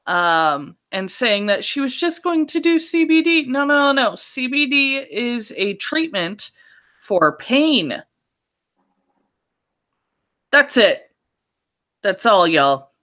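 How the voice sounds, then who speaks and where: A woman's voice: fairly high pitch, very animated, slow pace, fairly bright tone. A woman co-hosting a podcast, talking bluntly and laughing easily in casual news chat. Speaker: podcast co-host.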